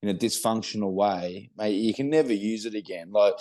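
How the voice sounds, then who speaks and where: A man's voice: lowish voice, brisk, warm tone, no echo. A middle-aged Australian man talking casually about recovery, rambling with lots of swearing and fillers. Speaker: guest in recovery. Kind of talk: casual podcast conversation.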